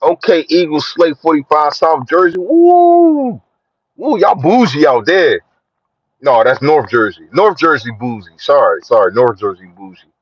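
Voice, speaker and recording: A young man chatting casually on a sports live stream, slangy and shouting out his viewers. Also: breathy edge, dry recording. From Philadelphia. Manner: slangy, shouts out viewers, lively swings in pitch. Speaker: sports vlogger. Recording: dry, dull lo-fi phone audio.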